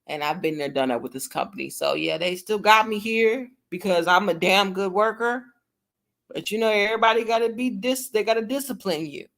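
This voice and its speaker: A woman's voice: mid-range voice, a little fast, vocal fry, fairly bright tone. A young adult woman chatting casually on her livestream, blunt and cussing freely as she talks to her viewers. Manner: blunt, cusses freely, speaks to viewers as y'all. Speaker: livestream host. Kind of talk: casual live-stream chat.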